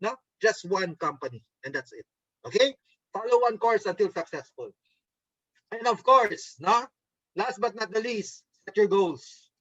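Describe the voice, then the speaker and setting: An unhurried man with a high, husky, fairly bright voice and lively intonation leads a motivational training session on a video call for network marketers. Coaxing and upbeat, he keeps asking "okay?" and mimics gloomy voices to illustrate ideas. The recording is dry and dull-sounding.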